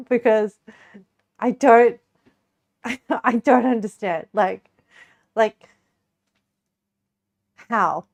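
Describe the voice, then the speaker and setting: A woman's voice: a little high, very slow, creaky, long pauses. A young Australian woman chatting casually while baking on a stream, giggling often and rambling with lots of restarts.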